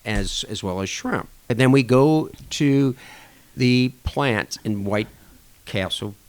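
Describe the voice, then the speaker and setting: A man's voice: slow, clear, resonant tone. A man guest on a podcast, casually telling a long anecdote and acting out conversations with a rising and falling voice. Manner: animated anecdote-telling, acting out dialogue with shifting pitch. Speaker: podcast guest, restaurant association chair. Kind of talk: casual storytelling interview.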